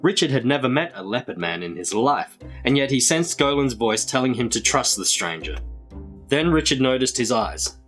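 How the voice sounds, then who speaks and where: Man reading a storybook aloud, bright tone. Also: medium pitch, sing-song, soft background music. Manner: measured storytelling narration. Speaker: storybook reader. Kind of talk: reading a children's adventure book aloud.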